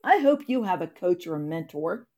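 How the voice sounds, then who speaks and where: A woman reading her own devotional blog post aloud in an earnest, expressive storytelling manner. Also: lowish voice, normal speed. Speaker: ministry blog writer.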